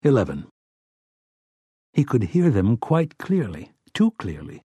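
A man's voice: medium pitch, breathy edge, no echo. Man narrating an audiobook in a dry room. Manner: steady, brisk storytelling. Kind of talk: scripted novel narration.

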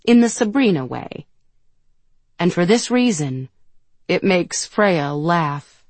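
A woman narrates a novel in an unhurried, gentle storytelling voice that sits low in her range. The recording is close and dry, with no room around her. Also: animated, no echo. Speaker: audiobook narrator. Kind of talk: scripted narration.

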